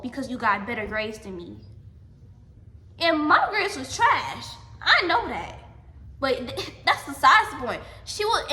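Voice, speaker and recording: A woman with a high, bright voice tells a storytime vlog straight to her viewers. She hammers her points with repetition and keeps calling them y'all. The room around her is echoey. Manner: emphatic, repeats lines, addresses viewers as y'all. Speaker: vlogger.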